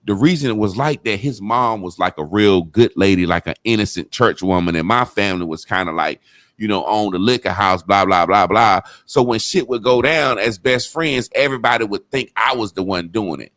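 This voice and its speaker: A man's voice: on the low side, moderate pace, a bit bright, dry recording. A man telling a childhood story in casual, profane talk, acting out the people he quotes. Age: adult.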